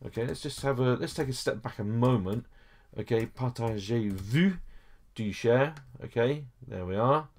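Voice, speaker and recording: Patiently guiding learners through a screen-recorded French lesson, a man explains step by step, often saying "okay" and hesitating a little. He speaks at a normal speed with a medium-pitched, darkish voice.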